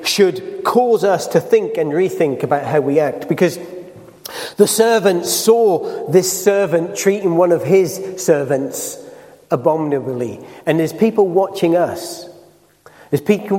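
Earnest preacher, echoing church hall. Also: male voice, fairly high pitch, warm tone. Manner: earnest, asks the congregation questions. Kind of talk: sermon with scripture reading.

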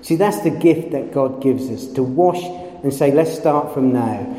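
A man's voice: mid-range voice, measured pace, mellow. A man preaching a sermon, telling stories with playful asides and acted-out quotes. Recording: echoey hall with long reverb.

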